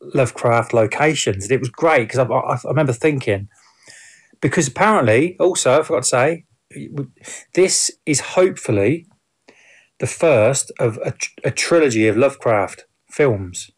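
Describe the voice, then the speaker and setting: A man chats through a film review in a casual, unscripted way. He rambles, restarts sentences and leans on fillers as he goes. His voice sits at an ordinary middle pitch for a man. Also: normal speed, husky.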